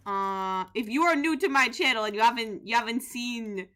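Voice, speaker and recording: A young woman streamer giving playful, goofy commentary on a game, animated and jokey with bursts of shouting. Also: on the high side, normal speed. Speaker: gaming streamer.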